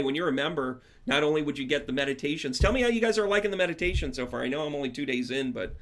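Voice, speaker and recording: A man's voice: fairly high pitch, fairly bright tone, slight background noise. A man working as a spiritual medium, chatting casually and rambling to his viewers on a livestream. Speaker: spiritual medium and tarot teacher.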